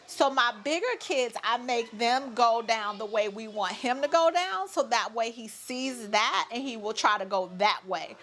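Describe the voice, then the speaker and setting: Woman, 30s, casual vlog storyteller, talks to viewers directly, a touch high-pitched. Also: measured pace, few pauses, soft background music. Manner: chatty, animated, addresses viewers as y'all. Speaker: mother vlogger.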